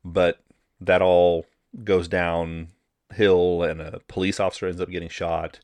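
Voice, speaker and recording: A man with a very low voice talks through a film in a casual review chat. He is relaxed and often restarts his words. The sound is dry and close. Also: unhurried, no room sound. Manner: relaxed, repeats words while thinking. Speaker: podcast co-host.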